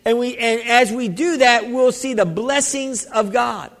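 A male pastor preaching a sermon, halting with many restarts and rising to shouts at the peaks. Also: very high-pitched, gravelly. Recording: long reverb of a large hall.

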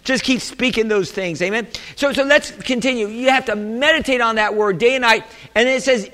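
High, bright-voiced preacher man in a reverberant hall. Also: normal speed, hardly any pauses. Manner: call-and-response preaching, asking for amens; conversational, with repeated restarts. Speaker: pastor. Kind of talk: sermon. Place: church sanctuary. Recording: echoey hall with long reverb.

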